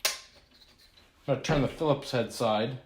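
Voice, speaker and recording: A young man hosts a joking do-it-yourself walkthrough, playing it mock-serious and deadpan. His voice sits in a middle range. The room is echoey, with a faint hiss behind him. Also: medium pitch, slow. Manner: mock-serious, deadpan humor about a toy kitchen. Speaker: realtor hosting a home renovation video.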